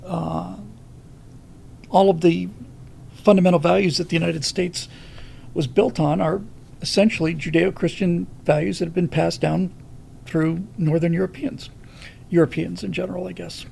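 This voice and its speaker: A man's voice: high-pitched, creaky, mellow, husky. A man hosting a live stream, giving a rambling monologue of political commentary with lots of fillers and restarts.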